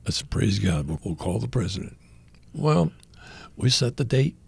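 An older man telling a personal story as a radio guest, animated, acting out the voices of the people he quotes. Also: medium pitch, moderate pace, gravelly, breathy edge. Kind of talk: conversational testimony.

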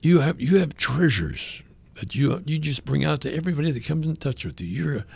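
Older male radio guest, husky storyteller, lively pitch, acts out the voices. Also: fairly quick. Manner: animated storytelling, acting out quoted voices. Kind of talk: conversational testimony.

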